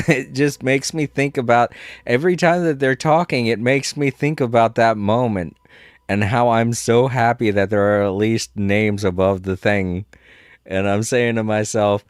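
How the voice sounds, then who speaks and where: A man's voice: mid-range voice, measured pace, clear, resonant tone, dry recording, clean studio sound. A man streaming a game, chatting casually and rambling, laughing often and swearing a little. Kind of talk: casual live-stream chat.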